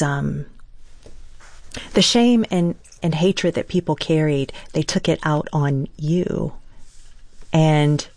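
An interviewer asking measured, thoughtful questions. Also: mid-range voice, dry recording.

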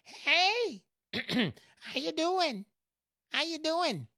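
A squeaky, high little voice of a tiny greedy taxman, put on by a woman. He pipes up cheekily from knee height, always wanting his cut. The sound is close and dry. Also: very animated, drawn-out words, pushed and bright, dry recording, heavily acted. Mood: cheeky. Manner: grasping, cheeky.

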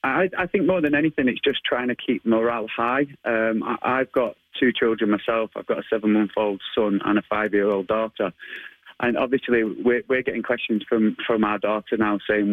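A man's voice: on the low side, fairly even intonation, normal speed, no room sound, phone-quality sound. Chatty Manchester-accented man in his thirties. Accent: Manchester area English. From England. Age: 30s. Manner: chatty, hesitant with many ums, laughs often. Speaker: guest, martial arts instructor. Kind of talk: radio interview answers.

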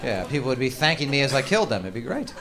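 A man doing a stand-up comedy routine on stage, ranting in a profane, exaggerated way with sudden shouted outbursts. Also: medium pitch, very animated, very fast, crowd noise. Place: comedy stage before a live audience.

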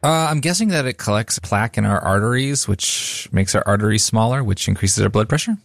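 A man's voice: fairly low pitch, animated, a little fast, creaky, dry recording, clean studio sound. A man co-hosting a casual science chat, reacting with curiosity and guessing answers. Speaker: co-host.

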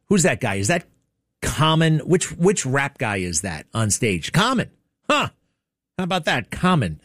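A man's voice: medium pitch, no echo, studio quality. A man hosting a talk show, giving blunt, sarcastic, rambling opinion commentary. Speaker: radio talk host.

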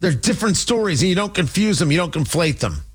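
A man's voice: high-pitched, expressive, fast talker, slightly rough. A man hosting an opinionated commentary show, talking in an indignant, emphatic and mocking way.

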